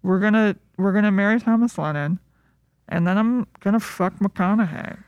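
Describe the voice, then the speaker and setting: A woman's voice: mid-range voice, normal speed, darkish tone, no room sound, muffled recording. A woman co-hosting a casual movie podcast, rambling and jokey, slipping into silly voices for bits. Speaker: podcast co-host.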